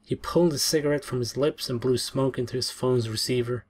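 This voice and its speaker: A man reading a story aloud in a steady, expressive way. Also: medium pitch, fairly quick, a little hiss or hum. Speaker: narrator. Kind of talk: audiobook reading. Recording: soft background music.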